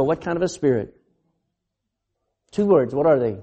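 A man's voice: fairly high pitch, normal speed, pauses often, slightly rough. A male pastor preaching a sermon, asking the congregation questions, laughing often and acting out quoted voices. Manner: animated, asks the congregation questions.

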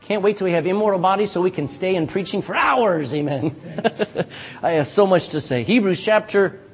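A man's voice: sits high, moderate pace, husky. A pastor preaching an emphatic sermon to his congregation, teasing listeners by name and calling for "Amen?" replies. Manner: emphatic, animated preaching with call-and-response "Amen?". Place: church sanctuary.

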